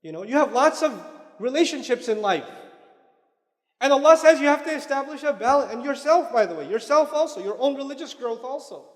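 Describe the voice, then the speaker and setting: A man gives a religious lecture in a high voice, speaking casually and conversationally and weaving Arabic terms into his English. His talk rings out with the long reverb of a large hall. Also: expressive, brisk. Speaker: Islamic lecturer.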